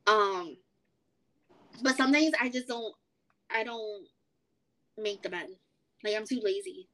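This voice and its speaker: A young woman co-hosting a podcast, chatting casually and acting out quotes in animated stories. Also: medium pitch, measured pace. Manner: animated storytelling, acts out quotes. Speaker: podcast co-host. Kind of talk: casual chat.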